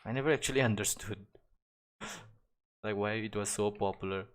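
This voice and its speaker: This live-stream digital artist is a young man with a lowish voice and a moderate pace. As he draws, he rambles through casual chat, full of fillers, restarts, and frequent little chuckles.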